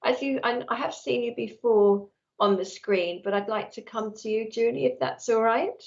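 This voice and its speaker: This psychic medium's voice is fairly high, creaky and a little mellow, moving at a moderate pace. She's chatty and affectionate on her live stream as she reads viewer messages, captured through earphones with a mic in slightly dull lo-fi audio.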